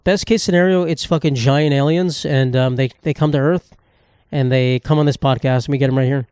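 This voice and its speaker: A man's voice: medium pitch, steady tone, brisk, a little mellow, clear, resonant tone, no echo, studio quality. A man in his twenties hosting a solo comedy podcast, ranting profanely and sarcastically, jumping into silly voices. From United States. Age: 20s. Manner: profane, rambling, sarcastic, with sudden jumps into silly put-on voices. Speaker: podcast host.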